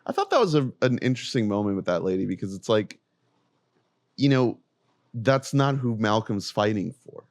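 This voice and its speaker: A man's voice: fairly low pitch, very animated, moderate pace, no echo, clean studio sound. A man co-hosting a film podcast, thinking aloud hesitantly and trailing off. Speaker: podcast co-host. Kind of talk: casual film discussion.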